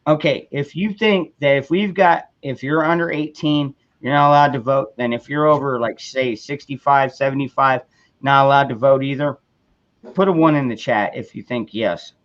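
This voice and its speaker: A man's voice: mid-range voice, normal speed. A middle-aged man hosting a casual political chat stream, talking in rambling bursts with many restarts. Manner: rambling, frequent restarts and fillers. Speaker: livestream host. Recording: dull lo-fi sound.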